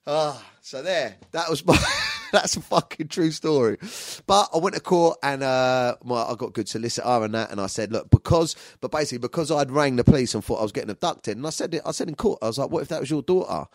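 A man tells a personal story straight to his viewers, swearing freely and piling on slang. His voice sits at an ordinary pitch, and the recording is dry and close. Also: a little fast, no echo. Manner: animated, profane, slangy storytelling. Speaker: vlogger. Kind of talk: storytelling monologue.

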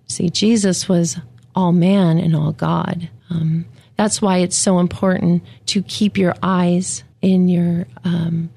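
A widowed woman giving a gentle, reflective devotional talk about grief and faith, speaking plainly with occasional fillers. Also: lowish voice, vocal fry. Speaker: widow sharing her faith.

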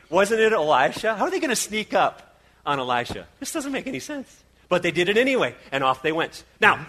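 A man presenting a comic Bible story skit for a church, animated and joking as he tells it. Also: high voice.

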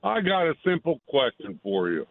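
A man calling into a radio show, asking a simple question in a deadpan way. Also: on the high side, normal speed, gravelly, no echo. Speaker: caller. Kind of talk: call-in question. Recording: tinny phone line.

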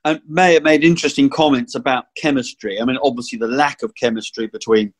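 A man hosting a political talk show in a measured, unhurried way. He thinks aloud with small hesitations, and his voice sits at a middle pitch. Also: steady tone. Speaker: podcast host. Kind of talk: casual political chat.

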